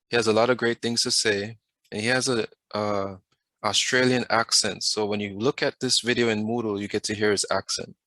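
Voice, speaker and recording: A man with a fairly low, slightly bright voice teaches a math class over video, patiently stopping often to ask students questions and wait for their answers. There's no echo.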